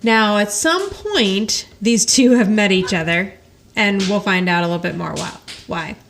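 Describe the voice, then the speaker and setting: A woman's voice: medium pitch, animated, measured pace, a little hiss or hum. A woman hosting a podcast, casually retelling an episode, laughing often and acting out the characters' lines. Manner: chatty storytelling, laughs often, acts out quoted lines. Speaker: podcast host recapping an episode. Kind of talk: casual chat.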